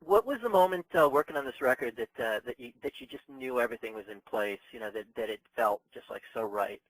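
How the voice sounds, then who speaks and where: A man's voice: medium pitch, quick pace, no room sound, low-quality recording. A man interviewing a guest, asking questions with hesitant restarts. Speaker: radio interviewer.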